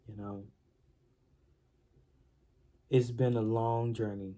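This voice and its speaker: Earnest young man with a flat, dark voice. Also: lowish voice, measured pace. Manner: earnest, repeats phrases, stammers on restarts. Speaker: series host telling his life story. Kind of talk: personal confessional monologue.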